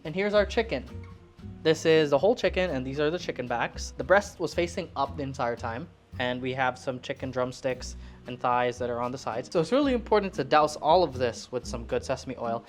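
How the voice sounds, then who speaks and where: Chatty, lively late-twenties woman. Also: a little fast, faint music behind. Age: late 20s. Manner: chatty, rambling, jokey with swearing; lively, jumps up high when excited. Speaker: cooking vlogger. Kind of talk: casual cooking chat.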